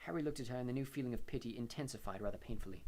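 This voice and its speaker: A man reading a fantasy novel aloud as audiobook narrator, steady storytelling. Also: medium pitch, very fast, low-quality recording.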